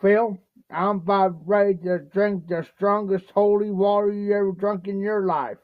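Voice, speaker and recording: A man's voice: high-pitched, steady tone, moderate pace, no echo, phone-quality sound. A man from Ohio livestreaming from home, telling a rambling, repetitive folksy story and mixing drinks. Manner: rambling, repetitive, folksy, keeps saying "no joke". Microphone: phone livestream.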